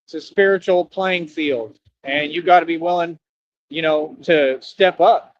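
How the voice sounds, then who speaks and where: On his stream, a young man with a slightly high voice delivers a combative, slang-heavy rant with lots of emphasis, keeping a measured pace. The audio comes through dull and lo-fi.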